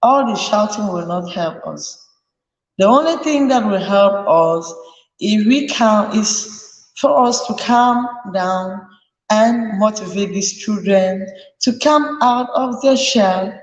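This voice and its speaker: A woman's voice: mid-range voice, animated, takes it slowly, dull audio. A woman hosting a live parenting chat, earnestly advising parents and repeating her key points. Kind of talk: live talk to an audience. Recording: echoey room with long reverb.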